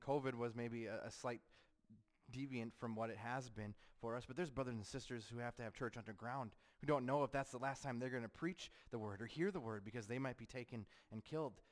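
A man's voice: mid-range voice, brisk. A man preaching a sermon, asking rhetorical questions and acting out the voices of critics. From United States. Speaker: pastor.

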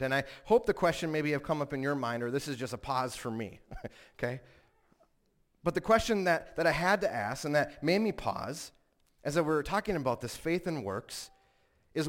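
A man delivers a sermon in an earnest, building way, his voice sitting a little higher than most men's. He tells stories and acts out the quotes, then presses each point home with emphatic peaks. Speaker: preacher.

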